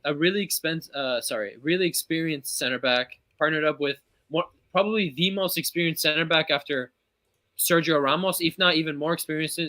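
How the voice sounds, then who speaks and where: A man's voice: on the high side, bright, forceful tone. A man co-hosting a casual football podcast, talking through transfers in a chatty, analytical way. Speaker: podcast co-host.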